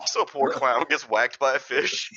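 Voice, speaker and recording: A man's voice: medium pitch, unhurried, over a noisy crowd. A man playing in a tabletop game, teasing the others playfully. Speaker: player. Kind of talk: tabletop role-play over a call. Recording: dull lo-fi call audio, dry.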